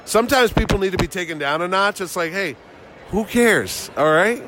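A man's voice: sits high, lively intonation, normal speed, fairly bright tone, slight background noise. A man who runs a comic convention, chatting casually and teasingly outdoors, telling stories with quoted lines. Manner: joking, teasing, tells stories with acted-out quotes. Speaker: convention promoter and host. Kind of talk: casual chat.

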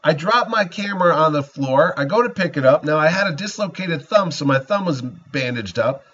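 A man's voice: fairly high pitch, expressive, moderate pace, fairly bright tone. A middle-aged man hosting a podcast, telling a story in a casual way and acting out both sides of each conversation. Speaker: podcast host. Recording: dull lo-fi recording.

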